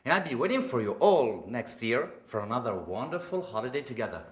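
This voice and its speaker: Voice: medium pitch, fairly quick, roomy sound, close to an everyday voice. An actor playing a friend who hosts the group and plays the guitar, in a scripted teaching drama. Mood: cheerful. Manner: lively, sings with a guitar.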